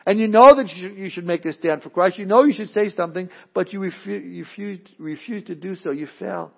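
A male preacher giving a sermon, swinging from loud urgent appeals to low hushed lines and acting out quotes. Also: a little fast, vocal fry, husky. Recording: dull lo-fi recording.

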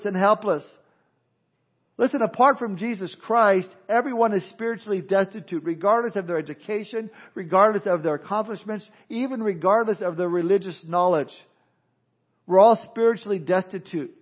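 A man's voice: sits high, husky. A man giving a conversational sermon, plain-spoken and emphatic, acting out people now and then to make a point. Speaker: preacher teaching through a book of the Bible. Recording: dull lo-fi recording.

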